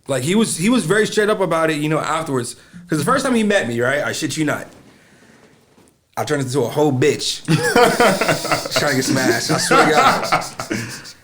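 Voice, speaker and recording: A man co-hosting a casual podcast, trading blunt, slangy stories and breaking into loud laughter. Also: a little high, creaky, slight background noise. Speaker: podcast co-host. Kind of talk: casual chat.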